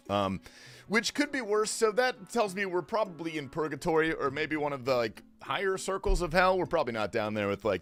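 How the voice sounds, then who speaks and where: A male streamer chatting to his viewers at home, his pitch bouncing all over as he jokes and trades banter. He drops to quiet mutters, then bursts out with a shout. Soft music plays faintly behind him. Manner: joking banter, jumps between murmurs and sudden yells. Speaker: livestream host. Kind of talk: casual livestream chat greeting viewers. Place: home, keeping quiet while others sleep.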